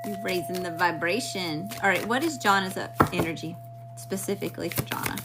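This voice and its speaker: A woman's voice: lowish voice, brisk, loud music behind the voice. A woman giving a live-stream tarot reading, chatting casually and greeting viewers in the chat as she draws cards. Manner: talks to spirit while drawing cards. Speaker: tarot card reader.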